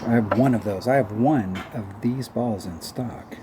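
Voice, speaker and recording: In a lowish voice and at a measured pace, a man rambles through casual, self-mocking commentary on a mobile golf game. He hums little tunes, and background noise can be heard.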